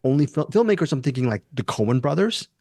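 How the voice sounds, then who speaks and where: A man's voice: mid-range voice, very animated, fast, darkish tone, dry recording, studio quality. A man hosting a casual movie review podcast, talking enthusiastically and rambling with restarts. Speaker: podcast host.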